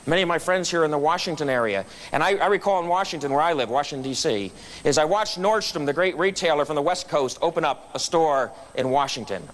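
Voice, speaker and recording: A man giving a storytelling speech at a club meeting, acting out the voices of people in his anecdotes. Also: a little high. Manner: animated storyteller acting out quotes. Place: meeting room.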